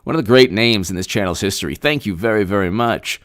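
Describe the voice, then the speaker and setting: A man's voice: lowish voice, fast. A man hosting a live political commentary stream, reading out news and then rambling sarcastically with frequent restarts.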